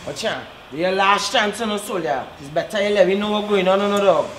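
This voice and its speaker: An actor with a Trinidadian accent playing a gangster who threatens a captive for answers. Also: male voice, high-pitched, normal speed, a bit bright, roomy sound, far from the mic, a little hiss or hum, rough recording. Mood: menacing. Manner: threatening, pressing. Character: menacing gangster interrogating a captive.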